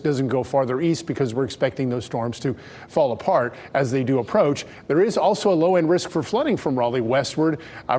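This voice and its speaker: A man presenting a local TV weather forecast in a brisk, conversational way. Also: a little high, a little mellow. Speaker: meteorologist.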